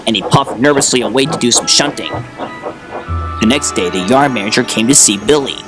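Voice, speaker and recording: A man narrating a storybook tale in a steady storytelling manner. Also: mid-range voice, a little fast, music in the background.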